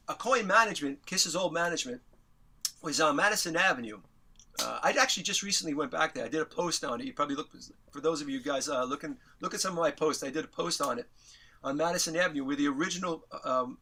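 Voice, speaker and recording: Man, middle-aged, from new york, bright forceful voice, excitable storyteller, acts out quotes. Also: fast talker. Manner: excitable, acts out quotes with big pitch jumps, swears casually. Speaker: interview guest, musician. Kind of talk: animated storytelling.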